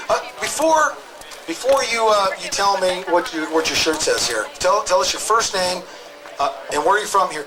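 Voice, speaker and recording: A man's voice: high-pitched, rough recording. A man hosting an open-mic address at an outdoor protest, emphatic and rambling, often adding "okay?". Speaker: talk show host interviewing protesters. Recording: loud crowd outdoors.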